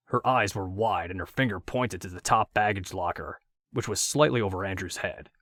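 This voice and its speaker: Here a man narrates an audiobook in a fairly low voice, keeping a steady, measured pace. The sound sits close to the mic and dry, without any room echo.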